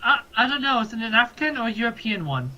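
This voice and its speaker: A woman's voice: on the high side, sing-song, fast talker, bright, forceful tone, rough recording. A woman playing in a tabletop game, making wry, joking asides in casual chat. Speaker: player.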